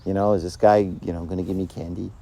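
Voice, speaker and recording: A man voicing a bored little kid who only wants candy, speaking offhandedly in a lowered voice. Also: flat delivery, quick pace, gravelly, dark tone.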